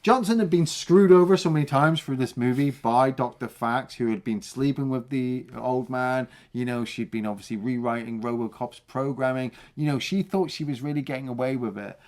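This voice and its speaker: A man's voice: medium pitch, normal speed, hardly any pauses, a little mellow. A man, co-hosting a film review podcast in a casual, enthusiastic chat. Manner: enthusiastic, hums tunes and acts out lines.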